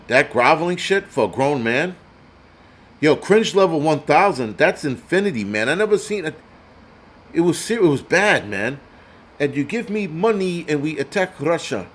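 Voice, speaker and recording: A man's voice: medium pitch, fairly bright tone. Crude ranting male prepper host. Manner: reads donor names aloud. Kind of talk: profane live-stream commentary.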